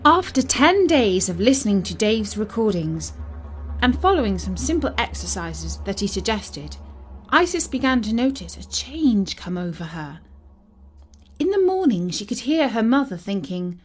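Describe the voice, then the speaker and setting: A woman narrating a storybook in a measured, gently wry manner. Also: medium pitch, sing-song, soft background music. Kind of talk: storybook reading.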